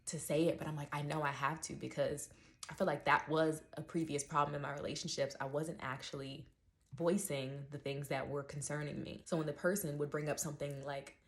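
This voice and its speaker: Young adult woman, low voice, candid reflective vlog monologue. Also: level tone, fairly quick. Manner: candid, emotional, uses many "like" fillers and quoted self-talk. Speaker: channel host.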